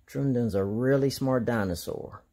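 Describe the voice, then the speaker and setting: A man's voice: medium pitch, measured pace, warm tone, lightly acted. A man voicing a studious young girl in a children's storybook, explaining facts. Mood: informative. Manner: explaining, informative. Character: studious girl who reads dinosaur facts.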